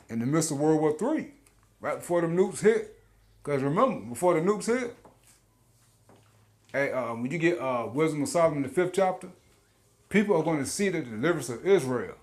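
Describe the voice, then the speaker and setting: A man, giving an informal scripture teaching as a street preacher, slangy and laughing often, with repeated words. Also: fairly high pitch.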